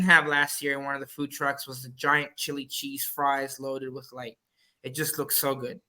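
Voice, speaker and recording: A man's voice: mid-range voice, flat delivery, moderate pace, bright, forceful tone. A man from the Cayman Islands, a flag football referee and podcast guest, chatting casually in a rambling storytelling way and acting out his own quoted lines.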